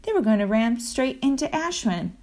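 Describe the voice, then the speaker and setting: A woman reading a children's adventure book aloud, telling it lively and acting out the sound effects. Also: fairly high pitch, moderate pace. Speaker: audiobook narrator.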